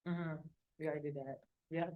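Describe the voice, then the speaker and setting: A woman's voice: low voice, steady tone, a little fast, phone-quality sound. Chatty woman teaching a live workshop. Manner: casual, chatty, uses slang and acted-out quotes. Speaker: real estate wholesaling instructor. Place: room with a live audience.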